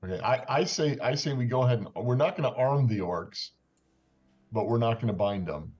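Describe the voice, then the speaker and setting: A man playing a tabletop game, speaking in a gruff put-on character accent. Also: mid-range voice, animated, fairly quick, a little mellow, muffled recording. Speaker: player. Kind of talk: tabletop role-play.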